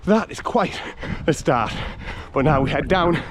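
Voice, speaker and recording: Breathless, lively high-voiced North East English man. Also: unhurried. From North East England. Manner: chatty, cheery, laughs often, greets runners. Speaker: running vlogger. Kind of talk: casual vlog commentary while trail running. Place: outdoor hill and woodland trail.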